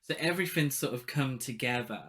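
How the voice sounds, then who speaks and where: A man with a mid-pitched, everyday voice co-hosts a casual film podcast. His talk is relaxed and full of playful banter aimed at his co-host. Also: fairly quick.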